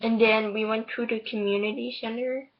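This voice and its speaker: A woman's voice: a little high, steady tone, moderate pace, lo-fi sound. A teenage girl eagerly chatting and telling a story as co-host, laughing often. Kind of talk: casual storytelling chat.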